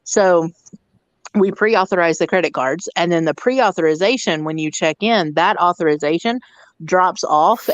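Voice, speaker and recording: A woman's voice: lowish voice, no room sound. Blunt woman telling a profane story. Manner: blunt, profane, animated retelling. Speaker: hotel district manager. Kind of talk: casual storytelling rant.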